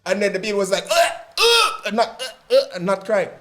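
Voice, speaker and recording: High-voiced man telling a story. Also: rapid-fire. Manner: lively, laughs often, acts out voices in his story. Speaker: interview guest, father. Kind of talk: animated personal storytelling.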